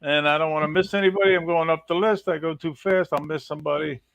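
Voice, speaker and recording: A man with a fairly high voice co-hosts a livestream, cheerfully calling out viewers by name. The sound is dry and close, with no room echo. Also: steady tone, quick pace, vocal fry, a bit bright. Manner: upbeat, greeting viewers one by one. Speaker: co-host. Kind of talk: casual livestream chat.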